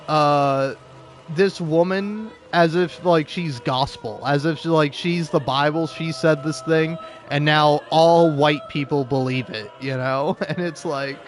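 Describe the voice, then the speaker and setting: A man's voice: on the high side, fairly even intonation, takes it slowly. A man talking in a rambling, casual commentary style, sarcastic and profane, laughing often between his points. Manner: rambling with frequent restarts. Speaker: gaming video creator.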